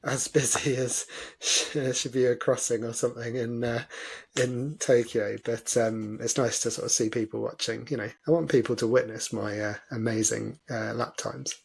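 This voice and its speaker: A man's voice: medium pitch, little pitch movement, normal speed, creaky, husky. A man co-hosting a podcast, talking in a thoughtful, hesitant way with frequent ums. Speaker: podcast co-host. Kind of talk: casual chat.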